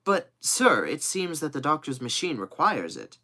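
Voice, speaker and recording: A man's voice: fairly high pitch, wildly swooping pitch, normal speed, pushed and bright, full character voice. A man voicing a cheerful, loyal young manservant who talks eagerly and earnestly.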